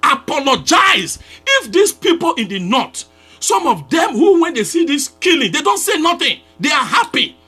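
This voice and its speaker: Fiery high-voiced Nigerian pastor. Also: male voice, sing-song, moderate pace, soft background music. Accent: Nigerian English. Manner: fiery and accusatory, repeating demands, often shouting. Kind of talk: impassioned live address.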